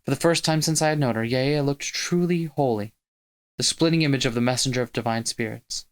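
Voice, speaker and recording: A man hosting a let's play, reading visual novel narration aloud in a steady first-person voice. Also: medium pitch, brisk.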